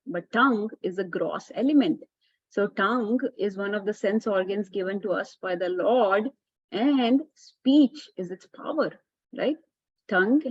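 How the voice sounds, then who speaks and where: A woman's voice: mid-range voice, dry recording. Woman, children's class teacher, keeps asking "right?", muffled lo-fi audio, very dry sound. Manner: explanatory, often checking in with "right?".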